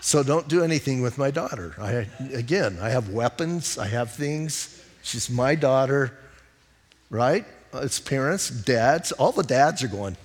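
A man's voice: mid-range voice, animated, unhurried. A middle-aged male pastor preaching a conversational sermon, mixing jokes and stories with teaching. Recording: long hall reverb.

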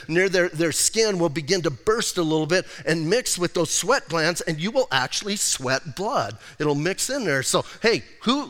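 A man preaching a sermon as pastor, in a casual, animated way that acts out the scenes he describes. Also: high voice, long reverb tail. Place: church sanctuary.

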